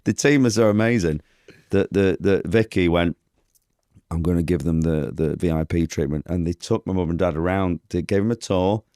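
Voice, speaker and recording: A low-pitched English man tells rambling stories on a podcast. He laughs as he goes and mimics the people in his tales. The sound is close and dry. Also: moderate pace, mellow, no echo. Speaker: comedian guest. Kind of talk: casual podcast chat, anecdotes.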